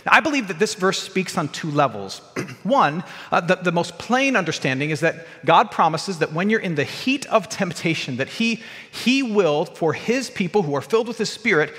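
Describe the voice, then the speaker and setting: A man preaching a sermon to his congregation, moving between loud emphatic lines and quiet low ones. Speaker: pastor. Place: church sanctuary. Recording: church hall with long reverb.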